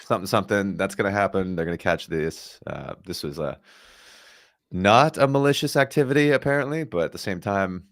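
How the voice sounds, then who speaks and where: A man's voice: deep voice, fairly quick, no echo, clean studio sound. A man co-hosting a tech podcast, upbeat and casual, laughing often as he talks through the news. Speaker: podcast co-host.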